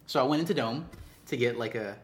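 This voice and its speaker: A man's voice: mid-range voice, fast, slight background noise. An American man, a podcast co-host, telling a story in casual chat with lots of laughing.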